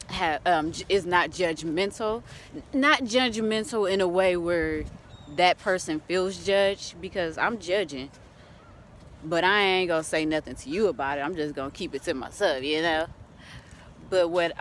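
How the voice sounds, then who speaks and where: A woman's voice: on the low side, a bit bright, a little hiss or hum. A woman giving casual motivational advice on her vlog, chatty and laughing often as she talks to her viewers. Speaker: vlogger.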